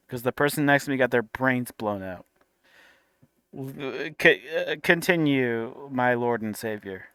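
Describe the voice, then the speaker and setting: A man's voice: medium pitch, measured pace, a bit bright, smooth, no room sound, clean studio sound. A man making a casual reaction commentary, sarcastic and incredulous, with laughing asides.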